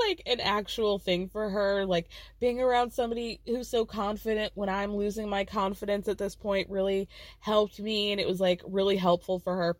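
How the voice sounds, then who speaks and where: A woman's voice: medium pitch, dry recording. A woman hosting a casual podcast, recapping reality TV in a gossipy, chatty way and laughing often.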